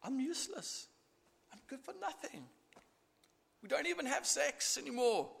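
A man's voice: very animated, a little slow, creaky, fairly bright tone, full character voice. A man voicing a despondent aging woman who mocks herself in a raised, smirking voice. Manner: raised pitch, smirking and weary. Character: despondent aging woman, bitter and self-mocking. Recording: echoey hall.

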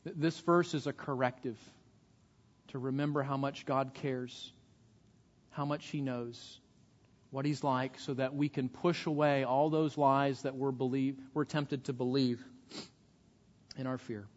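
A man's voice: mid-range voice, steady tone, measured pace, long pauses, in a large hall, dull audio. A man preaching a sermon as pastor, earnest, often repeating words as he starts a sentence.

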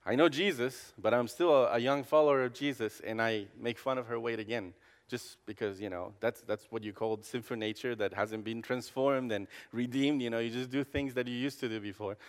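A man's voice: medium pitch, clear, resonant tone. A campus pastor giving a conversational personal testimony sermon, restarting his sentences often and acting out the dialogue in his stories. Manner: conversational, with frequent restarts and fillers; acts out dialogue in storytelling. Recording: long hall reverb.

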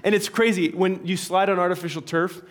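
A man preaching a sermon as an animated, humorous story with frequent asides. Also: high-pitched, a little fast. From Canada.

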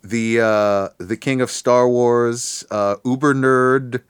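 A man's voice: mid-range voice, fairly even intonation, slow pace, clear, resonant tone. A man hosting a casual podcast chat, joking and laughing often between remarks. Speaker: podcast host.

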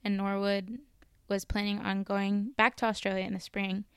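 Podcast co-host, woman, chatty storyteller with a gravelly but smooth voice, dry close sound. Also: medium pitch, level tone, moderate pace, no room sound. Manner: storytelling, often apologetic and giggly. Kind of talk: casual podcast chat.

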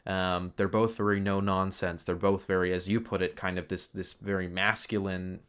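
A man co-hosting a film podcast, talking thoughtfully and hesitantly with many pauses and ums. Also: low-pitched, little pitch movement, a bit bright, clean tone. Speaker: podcast co-host. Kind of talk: casual film podcast chat.

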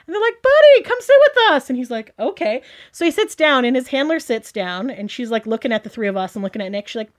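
A woman's voice: a little high, fast, hardly any pauses. Chatty woman gushing with "like" everywhere. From Toronto area, Canada. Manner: chatty, gushing, full of "like" and quoted dialogue. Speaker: guest. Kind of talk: casual storytelling.

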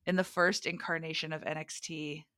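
A woman co-hosting a podcast in casual chat, playful and enthusiastic with frequent laughter. Her voice sits a little low but sounds bright and forward. The recording is dry and close. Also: flat delivery, moderate pace, no echo. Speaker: podcast co-host.

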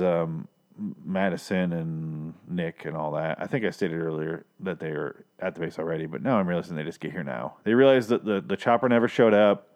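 A man's voice: sits low, a little mellow. Crude rambling man recapping a show. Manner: crude, rambling, jokey asides. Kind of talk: casual comedic recap.

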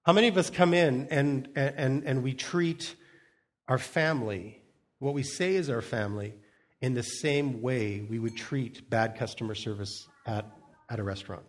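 A man's voice: mid-range voice, normal speed. A middle-aged man preaching a casual sermon, telling humorous stories and often restarting his sentences. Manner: chatty, humorous storytelling with frequent restarts and repeated words. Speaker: pastor. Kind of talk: conversational sermon.

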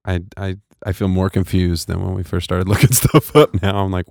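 A man's voice: deep voice, steady tone, moderate pace, vocal fry, a little mellow, no echo. A man co-hosting a casual podcast chat in a studio, easygoing and agreeable, laughing often. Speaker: podcast co-host.

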